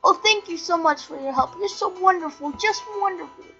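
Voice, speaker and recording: A woman's voice: high-pitched, fairly even intonation, a little fast, darkish tone, muffled recording, soft background music, lightly acted. A woman voicing a frantic young mother who gushes thanks effusively. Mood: gushing. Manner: gushing, effusive.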